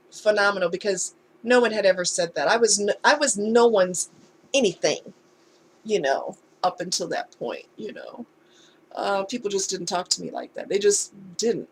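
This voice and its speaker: A woman's voice: medium pitch, lively intonation, a little slow, a little hiss or hum. Candid woman telling a heartfelt story. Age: adult. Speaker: vlogger. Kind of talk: casual storytime chat.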